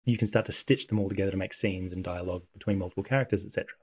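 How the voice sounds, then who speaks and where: A man hosting a casual coding tutorial, talking through software on screen in a relaxed, conversational way. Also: low voice, very fast, breathy edge. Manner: relaxed, conversational, thinks aloud.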